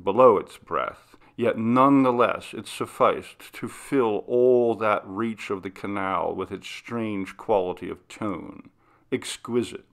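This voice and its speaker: A man narrating a classic ghost story in a measured, dramatic reading. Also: on the low side, fairly bright tone. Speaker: audiobook narrator.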